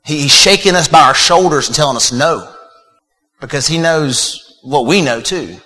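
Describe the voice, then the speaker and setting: A man preaches in an easygoing, conversational manner, often restarting phrases and repeating words. His voice is bright and forward. The sound rings with the long reverb of a large hall. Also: a little high, expressive, normal speed. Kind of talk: sermon.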